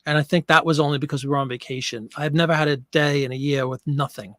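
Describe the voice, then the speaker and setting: A slightly high-voiced man hosts a casual live stream and chats easily with his viewers. He sounds a little out of breath, and his voice comes through dry and close, with no room sound around it. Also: fairly even intonation, fast, a bit bright, no echo. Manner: chatty, reads viewer comments. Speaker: livestream host.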